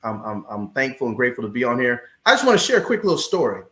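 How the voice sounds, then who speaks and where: A man's voice: medium pitch, big pitch swings, very fast, pushed and bright, echoey room. A man who is a pastor and a guest on a talk show, preaching with building passion and repeating key phrases. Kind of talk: preaching in a podcast interview.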